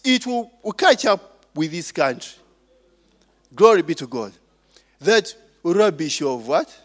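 A man preaching a sermon, calling out for responses from the congregation and cracking jokes in between. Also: a little high. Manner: call-and-response with the congregation, joking asides.

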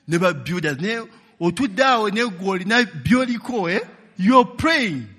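Speaking at a measured pace in a husky, high-pitched voice, this middle-aged Ugandan pastor shares personal stories in his sermon. The big hall echoes at length as he animatedly asks the congregation "okay?" and "eh?".

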